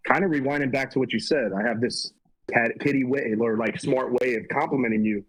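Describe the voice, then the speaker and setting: A man's voice: mid-range voice, a little fast, poor audio. A man from Puerto Rico with a Puerto Rican accent, a comedian telling stories animatedly in a casual podcast chat and swearing a lot. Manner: animated storyteller, swears often.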